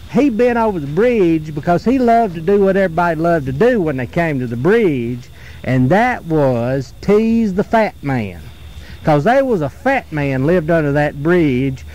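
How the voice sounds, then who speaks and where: A man's voice: sits high, a little mellow, low-quality recording. Folksy man telling a tall tale. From North Carolina. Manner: folksy, repetitive, drawn-out storytelling. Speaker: storyteller. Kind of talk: folk tale told around a campfire. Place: outdoors around a campfire in the woods.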